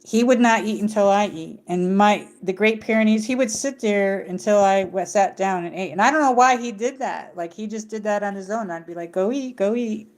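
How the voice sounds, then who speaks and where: A woman's voice: medium pitch, a little fast, few pauses, a little mellow. A middle-aged woman hosting a livestream, chatting casually in a rambling way with many fillers and restarts. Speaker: livestream host.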